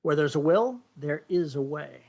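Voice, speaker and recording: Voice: medium pitch, moderate pace, gravelly. Dry-witted podcast co-host. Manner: dry, deadpan jokes. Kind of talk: casual chat.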